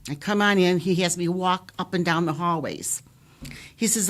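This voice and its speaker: An older woman with a fairly low voice tells her own health story as a guest. She talks in an animated, storytelling way and acts out the voices of the people she met. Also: moderate pace. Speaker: patient guest.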